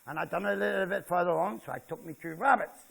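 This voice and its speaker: A man's voice: high-pitched, quick pace, gravelly, a bit bright. An older man with a West Country Devon accent, telling jokey country stories to a live audience and keeping them involved as he goes. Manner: chatty, jokey, keeps checking in with listeners. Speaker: author giving a talk. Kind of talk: humorous storytelling to a live audience. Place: festival talk before a seated audience.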